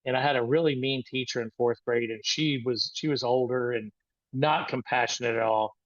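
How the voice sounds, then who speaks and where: A man's voice: medium pitch, fairly bright tone, dry recording, lo-fi sound. Man in his sixties telling a rambling story. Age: 60s. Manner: rambling, halting with frequent restarts. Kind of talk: personal storytelling talk.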